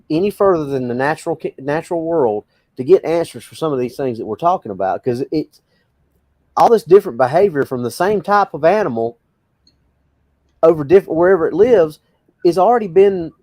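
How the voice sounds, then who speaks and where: A man co-hosting a paranormal podcast, making his case in an animated, argumentative way. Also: a little high, no room sound, clean studio sound. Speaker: podcast co-host. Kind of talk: casual group chat.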